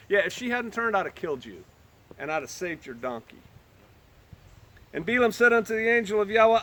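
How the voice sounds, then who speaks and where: Male Bible teacher, high and bright, alternating formal scripture with wisecracking asides. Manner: reads old-fashioned scripture, then breaks in with joking everyday asides. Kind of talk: scripture reading with casual commentary.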